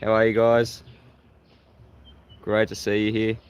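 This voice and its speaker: Mocking Australian livestream host. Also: male voice, lowish voice, monotone, unhurried, clean tone. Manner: mocking and combative, laughs often at critics. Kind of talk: live-stream monologue greeting viewers.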